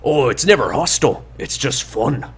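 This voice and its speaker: A man voicing a jovial, shifty male dwarf guide who talks in a folksy, hushed way. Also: medium pitch, animated, moderate pace, husky.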